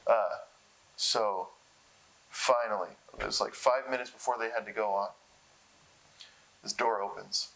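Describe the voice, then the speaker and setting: A young man telling stories in a casual interview, laughing often and getting excited. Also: lowish voice, a little slow, long pauses, poor audio. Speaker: interview guest. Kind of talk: casual storytelling.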